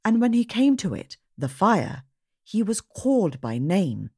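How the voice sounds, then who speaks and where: A woman reading a religious storybook aloud in a slow, expressive storytelling manner. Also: medium pitch, slightly rough, no echo, clean studio sound. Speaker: audiobook reader.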